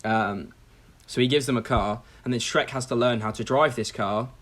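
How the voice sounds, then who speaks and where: A man co-hosting a comedy podcast, rambling enthusiastically through a movie pitch and checking in with "okay?". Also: normal speed, a bit bright. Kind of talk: casual comedic chat.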